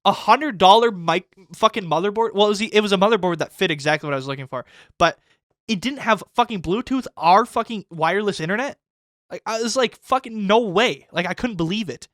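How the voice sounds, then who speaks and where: A man's voice: high voice, a little fast, a bit bright, no echo, studio quality. A man in his twenties hosting a casual podcast chat, rambling and swearing heavily as he gets worked up. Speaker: podcast host.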